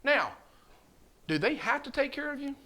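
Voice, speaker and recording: A man's voice: very high-pitched, very animated, moderate pace, pushed and bright. A man teaching a children's communion class, coaxing answers with repeated questions. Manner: coaxing, asks questions over and over. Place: church classroom.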